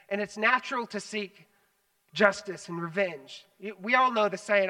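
A man preaching a sermon as pastor, animated, swinging between loud emphasis and hushed asides. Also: sits high, normal speed, distant mic, poor audio. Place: church sanctuary.

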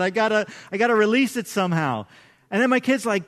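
A man's voice: high-pitched, animated, fast talker, fairly bright tone. A middle-aged man, a pastor, preaching a conversational sermon with casual storytelling and self-deprecating humor.

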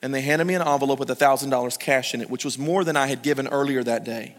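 A middle-aged male pastor preaching a sermon, swinging from loud urgent calls to hushed, intimate pleading as he tells stories and speaks straight to the congregation. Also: mid-range voice, fast. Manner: storytelling, addresses the congregation directly. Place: church sanctuary. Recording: long hall reverb.

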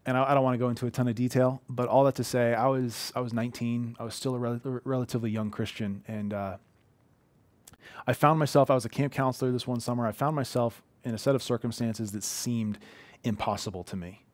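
A man's voice: medium pitch, steady tone, brisk, darkish tone, no room sound. A man in his thirties giving an earnest, conversational sermon from a living room, telling heartfelt personal stories. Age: 30s. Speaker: pastor.

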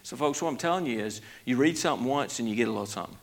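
A man's voice: medium pitch, lively intonation, rapid-fire, gravelly. A man preaching a conversational Bible study sermon, folksy, with many restarts, growing emphatic. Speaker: pastor.

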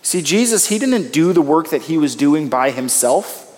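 High-voiced preacher in a reverberant hall. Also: male voice, big pitch swings, moderate pace, a little mellow. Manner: emphatic, rising and falling delivery. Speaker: pastor. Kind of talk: sermon.

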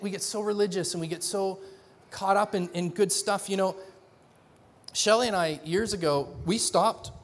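A middle-aged man preaching a sermon in a conversational, animated way, with frequent restarts and acted-out dialogue. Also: high-pitched, a little hiss or hum. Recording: long hall reverb.

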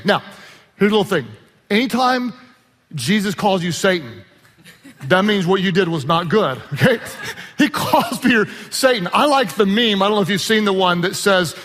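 A man with a notably high voice delivers a sermon, swinging from shouted emphasis to light joking asides. His words ring out with a long reverb, as if filling a large church sanctuary. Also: animated, moderate pace. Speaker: pastor.

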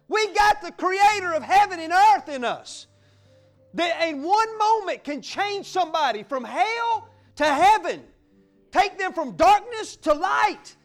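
A man preaching a sermon as pastor, fiery and exuberant, with whoops and acted-out little scenes. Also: very high-pitched.

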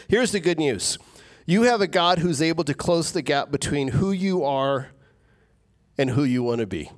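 A man preaching a sermon as the pastor, animated and rising to emphatic peaks. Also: a little high.

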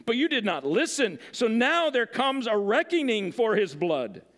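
A man's voice: very high-pitched, very animated, moderate pace, fairly bright tone, full character voice. A man reading the lines of a guilt-stricken elder brother, urgent and raised.

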